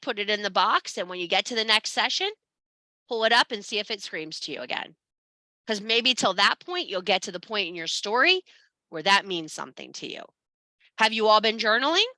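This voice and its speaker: A woman's voice: lowish voice, sharp tone, no room sound. A woman teaching a spiritual class, blunt and profane, scolding and urging her students. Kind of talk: blunt motivational class talk.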